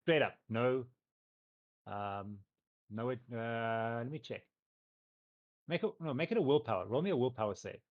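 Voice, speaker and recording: A man's voice: medium pitch, normal speed, pauses often. Laid-back man narrating a tabletop game. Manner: loose, hedging description with many fillers. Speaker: game master. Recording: dull lo-fi recording.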